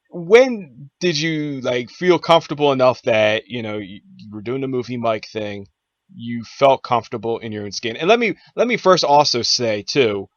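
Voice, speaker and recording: Male podcast host, relaxed rambling questions, lo-fi dry recording. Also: medium pitch, dry recording. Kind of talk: casual interview questions. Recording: dull lo-fi sound, dry.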